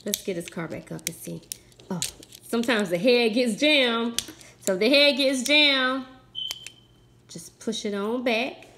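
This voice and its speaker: A mother hosting a family toy channel talks her viewers through an unboxing and calls them "guys." She says her voice sounds a little whiny today, and it sits a bit high. A faint noise runs under the recording. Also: a little slow, long pauses, a bit bright. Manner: chatty, addresses viewers as guys.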